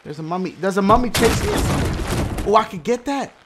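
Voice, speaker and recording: A man giving loud, profane commentary while he plays a video game, often yelling at what happens on screen. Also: high-pitched, expressive, fast talker, noisy background. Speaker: gaming YouTuber. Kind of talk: gameplay commentary.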